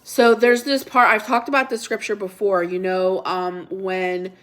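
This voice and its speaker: A woman's voice: mid-range voice, level tone, a little slow. A middle-aged woman hosting a casual livestream devotional chat, reading viewer comments and scripture aloud, repeating herself and unsure of pronunciations. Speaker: livestream host.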